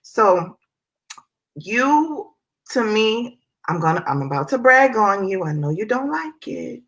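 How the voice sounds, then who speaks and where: A woman hosting an interview, admiring and unhurried as she introduces her guest. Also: mid-range voice, sing-song, a bit bright, poor audio. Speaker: interview host. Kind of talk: casual interview.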